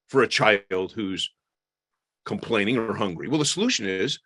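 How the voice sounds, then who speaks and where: A man's voice: fairly low pitch, normal speed, no echo. A middle-aged man, a pastor, giving an earnest, emphatic webinar talk on parenting and acting out the lines of parents and children. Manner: earnest, emphatic, animated teaching with acted-out quotes.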